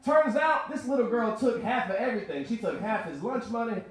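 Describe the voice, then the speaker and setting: A man in his twenties tells stand-up stories in a record store, keeping the crowd with him as he goes. His voice sits high and swings up and down a lot. The room around him is very echoey. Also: big pitch swings, fairly quick, slight background noise. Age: 20s. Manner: conversational, asks the crowd to follow along. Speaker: stand-up comedian. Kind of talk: stand-up comedy set. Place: record store performance space.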